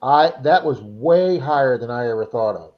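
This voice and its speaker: A man's voice: mid-range voice, expressive, moderate pace. A man co-hosting a casual chat, rambling through stories with restarts and repeats. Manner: rambling talker who restarts and repeats himself. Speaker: co-host. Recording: slightly dull lo-fi sound.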